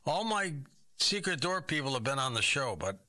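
A man's voice: fairly high pitch, sing-song, moderate pace, pushed and bright. A man hosting a comic radio guessing game, asking curious, probing questions and reacting with puzzlement. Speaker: game show host.

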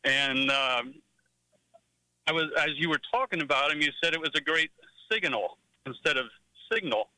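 A man's voice: fairly high pitch, normal speed, long pauses, bright, forceful tone, dry recording, poor audio. A man from Pennsylvania calling in to a radio show, chatty and teasing. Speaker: caller. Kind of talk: phone call to radio show.

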